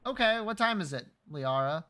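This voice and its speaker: A man's voice: high-pitched, lively intonation, moderate pace, bright, forceful tone. A man streaming live, chatting casually with his viewers, teasing and joking and swearing freely.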